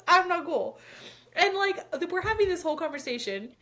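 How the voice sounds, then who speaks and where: A woman's voice: high voice, moderate pace. A woman in her thirties co-hosting a casual podcast, telling a story with lots of acted-out quotes and frequent swearing. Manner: animated storytelling, acting out quotes, swears freely. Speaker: podcast co-host. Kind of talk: casual chat.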